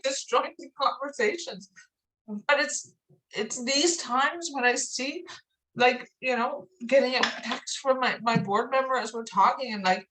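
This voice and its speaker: A woman's voice: sits high, measured pace, sharp tone, rough recording. A woman leading a drug users' organization, crying as she speaks with heartfelt thanks on a video call, swearing freely. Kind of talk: emotional video call remarks.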